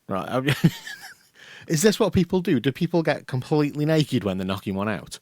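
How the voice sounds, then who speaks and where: A man's voice: a little high, normal speed, no room sound, studio quality. A young man, co-hosting a casual podcast chat, telling an anecdote with lots of laughter. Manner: animated storytelling, laughing, acting out voices. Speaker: podcast co-host.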